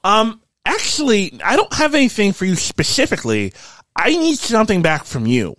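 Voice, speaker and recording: A man lends his voice to a jittery young blacksmith, pitched high and squeaky. The voice bounces with breathless eagerness and lively swings in tone. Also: normal speed, dry recording, full character voice. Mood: earnest.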